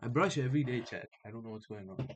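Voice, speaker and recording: A young man streaming gameplay, chatting casually and trash-talking enemies with sudden yells. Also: medium pitch, quick pace, dull audio, a little hiss or hum. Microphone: headphones with mic.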